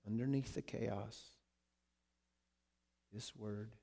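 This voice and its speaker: A male preacher with a gravelly, mellow voice. He delivers his sermon with dramatic swings, rising to loud emphasis and then dropping to hushed, repeated words. His voice stays at a middle pitch throughout. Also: normal speed. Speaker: pastor.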